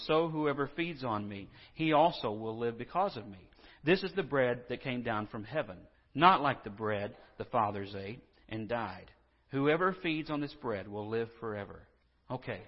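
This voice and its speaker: A man's voice: mid-range voice, lively intonation, normal speed. A male pastor preaching a conversational, earnest sermon and reading scripture in a church. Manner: conversational and earnest, with restarts and asides. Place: church sanctuary. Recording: dull lo-fi sound with long hall reverb.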